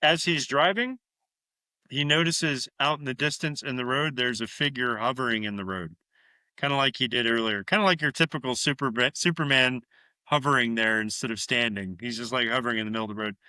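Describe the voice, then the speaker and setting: A man's voice: medium pitch, brisk, no room sound. A man co-hosting a podcast, retelling a horror film scene by scene in casual, profane chat. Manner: profane, animated retelling with acted-out quotes. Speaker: podcast co-host.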